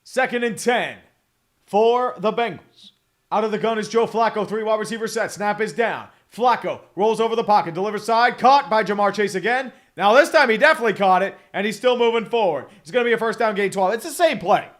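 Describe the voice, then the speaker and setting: A young man with a rather high voice calls a football game live, swearing and cracking sarcastic jokes between plays. He drops into mumbled asides, then jumps up loud for the big moments. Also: fairly quick. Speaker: streamer doing live play-by-play and reading donations. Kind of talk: casual live play-by-play commentary.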